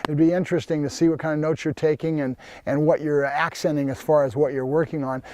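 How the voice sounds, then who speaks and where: A man's voice: on the high side, little pitch movement, quick pace, noisy background. A man, a professional dog trainer, explaining his training methods plainly and directly to viewers. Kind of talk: instructional training video.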